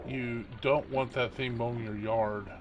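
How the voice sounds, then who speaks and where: A man's voice: medium pitch, steady tone, a little slow, background noise. A middle-aged man hosting a gaming channel, chatting casually over gameplay in a rambling way, with many fillers and chuckles.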